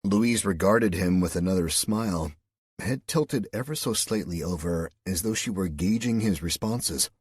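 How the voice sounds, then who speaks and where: Male narrator, very low voice, husky, dry close recording, measured reading. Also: no echo. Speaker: audiobook narrator. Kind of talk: scripted narration.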